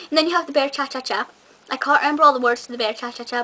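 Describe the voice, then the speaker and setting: Young girl reviewing stuff to camera, chatty, lots of ums, kinda high and bright. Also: steady tone, fast talker, low-quality recording. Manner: chatty and enthusiastic, with frequent ums and restarts. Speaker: video reviewer. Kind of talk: casual nostalgic review to camera.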